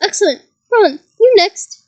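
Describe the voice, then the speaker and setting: A confident male teacher , put on by a woman reader, calls out to his class in loud, eager bursts. The voice sits high and keeps an excited push. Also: normal speed. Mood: rallying.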